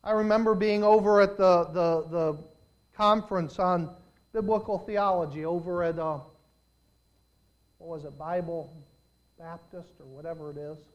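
A high-pitched man preaches from the pulpit, his voice climbing and swelling on key words before falling to quiet asides. He leans on phrases, slows down to stress them and talks straight to his congregation. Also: steady tone, dull audio. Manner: preaching with surges of volume and drawn-out emphasis. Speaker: pastor. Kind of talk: sermon.

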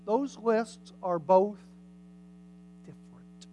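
In a low-quality recording with a little hiss or hum, a pastor delivers a sermon at a church service in a medium pitch and slow pace. Speaking casually, the pastor questions the congregation, reads scripture aloud, and alternates between loud and soft passages.

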